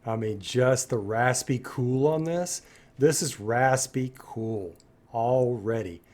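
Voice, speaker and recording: A man's voice: medium pitch, slow pace, darkish tone. Enthusiastic man hosting a music reaction. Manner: enthusiastic and admiring, talks straight to viewers. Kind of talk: casual reaction commentary.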